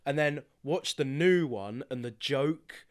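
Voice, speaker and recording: Smooth-voiced young host. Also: male voice, mid-range voice, slow pace. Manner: easygoing, agreeable, brief replies. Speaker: podcast host. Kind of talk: casual chat.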